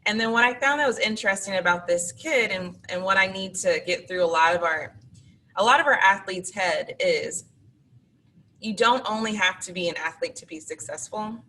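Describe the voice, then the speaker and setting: A woman's voice: mid-range voice, normal speed, bright, forceful tone. A woman teacher, a guest on an interview show, telling classroom stories in a chatty way and acting out her students. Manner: chatty anecdotal, acts out students. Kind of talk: interview storytelling. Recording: distant mic with faint background noise.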